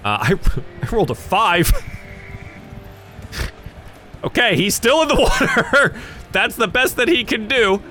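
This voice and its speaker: A man from the American South narrating a tabletop game as game master, animated and chuckling between dice rolls. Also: sits high, measured pace, long pauses, faint music behind.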